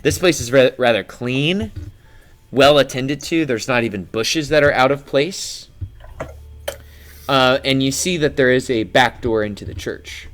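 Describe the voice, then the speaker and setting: A man's voice: medium pitch, unhurried, a bit bright, a little hiss or hum. A man running a tabletop game as game master, describing scenes with frequent fillers.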